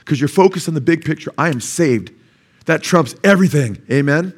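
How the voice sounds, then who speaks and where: A pastor preaching a sermon, often asking the congregation "Amen?" and acting out the voices of doubters. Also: male voice, fairly high pitch, expressive, a little fast, breathy edge. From United States.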